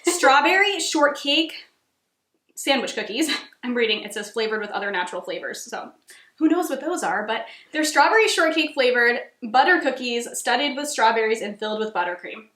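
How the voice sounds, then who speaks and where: A bubbly woman with a Rhode Island accent chats through a snack taste test, gushing and giggling between bites. Her voice sits high and bright, and the room around her is echoey. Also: lively intonation, normal speed. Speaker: cooking channel host. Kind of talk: casual taste-test chat.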